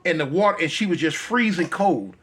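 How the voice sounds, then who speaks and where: A man's voice: on the high side, expressive, brisk, a bit bright, slightly rough. A male storyteller telling a dramatic tale in a conversational, repetitive way.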